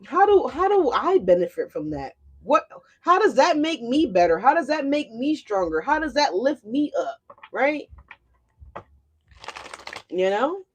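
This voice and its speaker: Animated, profane woman tarot reader. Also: high-pitched, measured pace, long pauses, slightly rough. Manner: animated, profane, talks straight to viewers. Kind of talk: casual tarot reading monologue.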